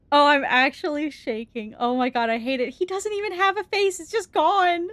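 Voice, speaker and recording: A woman's voice: high voice, fairly even intonation, normal speed, hardly any pauses, fairly bright tone, no room sound. A woman streamer giving let's-play commentary on a horror game, jumpy and scared, swearing and laughing nervously.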